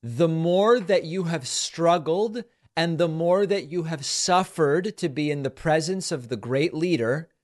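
A man's voice: fairly high pitch, unhurried, hardly any pauses. Sarcastic male political show host. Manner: sarcastic, mocking. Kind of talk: commentary over news clips.

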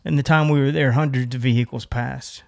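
A middle-aged man, a podcast co-host telling a long story in a casual, animated way, laughing often and acting out the voices of the people in it. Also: mid-range voice, a little fast, vocal fry.

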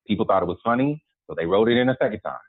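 Deep-voiced man on a tinny phone line. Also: expressive, rapid-fire. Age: 40s. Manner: laid-back, joking, laughs while telling stories. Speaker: guest, actor. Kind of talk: casual storytelling chat. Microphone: phone call.

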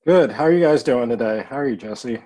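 A man, a comedian, chatting casually as a podcast guest in an easygoing, relaxed way. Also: medium pitch, brisk.

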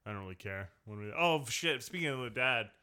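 A man co-hosting a podcast in casual, jokey chat, blunt and quick to laugh. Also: mid-range voice, expressive, bright, forceful tone, smooth. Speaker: podcast co-host.

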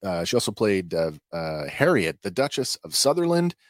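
A man's voice: deep voice, sing-song, moderate pace, no room sound, studio quality. A man hosting a podcast, recapping an episode in a chatty way with many filler words. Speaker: podcast host.

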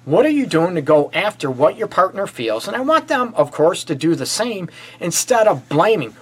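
An American man hosts a relationship advice show as a counselor, speaking directly to camera in a high, slightly rough voice with big pitch swings, at normal speed and barely pausing. He's blunt and emphatic and often addresses viewers as "people."

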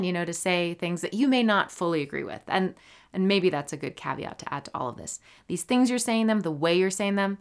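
A woman hosting a solo podcast, talking casually and playfully, with animated swings and soft whispered asides. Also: mid-range voice, normal speed. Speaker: podcast host.

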